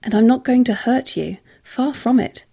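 A smooth, insistent suitor who speaks in calm, coaxing tones, as a woman reads him aloud. The voice is husky with a gravelly edge and a dark, mellow colour, in a storybook reading. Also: a little high, normal speed, pitched above the performer's own voice. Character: smooth possessive rich man, unsettling suitor.

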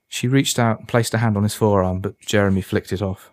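A man narrating a story in an even, steady reading voice. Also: fairly low pitch, brisk, no room sound, clean studio sound.

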